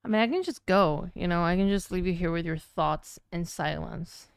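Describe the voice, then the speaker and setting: Woman with Latin American Spanish accent, teasing stream chat, smooth clear voice, dry close sound. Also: fairly low pitch, moderate pace, no echo. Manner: playful, teasing, chatty. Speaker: streamer's partner answering chat.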